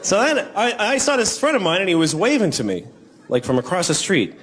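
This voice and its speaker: A man doing rambling, self-deprecating stand-up in a large concert hall, acting out bits in high shouted voices. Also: wildly swooping pitch, a little fast. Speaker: stand-up comedian. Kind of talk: stand-up comedy. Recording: live concert recording with crowd noise. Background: audience laughter.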